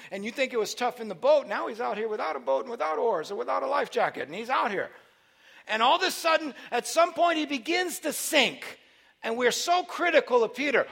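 A man preaching a sermon, telling a story with lively buildups into shouting. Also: very high voice, gravelly.

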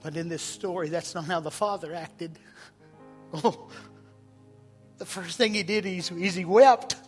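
In a church hall, a male pastor preaches an impassioned sermon packed with rhetorical questions. His voice is a little high and a little slow, and the reverberant hall carries soft music.

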